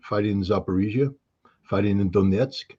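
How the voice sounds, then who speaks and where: Blunt husky man on a muffled line. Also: fairly low pitch, moderate pace, mellow. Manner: blunt, sardonic, emphatic. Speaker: guest commentator. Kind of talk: livestream geopolitics discussion.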